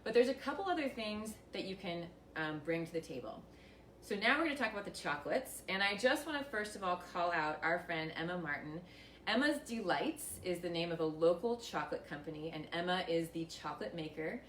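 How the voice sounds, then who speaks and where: A woman's voice: lowish voice, lively intonation, a little fast, fairly bright tone, a little hiss or hum. A woman hosting a casual wine-and-chocolate tasting lesson in a winery tasting room, chatty and upbeat with light self-mocking humor. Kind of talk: casual instructional demonstration. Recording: echoey room, voice picked up from a distance.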